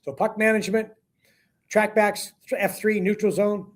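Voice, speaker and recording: A man's voice: sits high, measured pace. A man, a hockey broadcaster appearing as a guest, telling a story in a casual sports talk-show chat and acting out the quotes as his voice climbs. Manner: animated storyteller, acts out quotes with rising voice.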